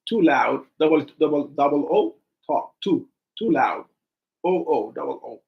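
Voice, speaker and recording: A man teaching an English grammar class online, animated and repetitive as he coaxes his students to give examples. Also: on the high side, measured pace, gravelly, highs cut off.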